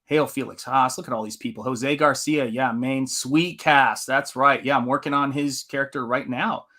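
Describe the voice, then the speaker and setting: A man's voice: medium pitch, steady tone, normal speed, sharp tone. A man from the American South hosting a live stream, chatting casually and laughing often. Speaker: host of a live painting stream. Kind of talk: casual chat while reading stream chat.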